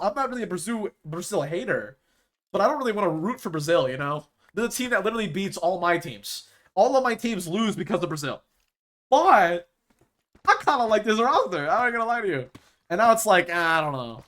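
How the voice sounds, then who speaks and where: A man's voice: high voice, a bit bright. A young man streaming, chatting casually and rambling about esports rosters, restarting his sentences often.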